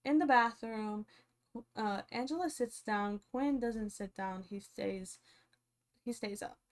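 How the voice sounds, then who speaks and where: A young woman talking through a reality show recap in a relaxed, chatty way. Her voice sits a little high, and she takes her time, leaning on fillers and quick laughs. Her delivery is animated and conversational. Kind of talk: casual commentary.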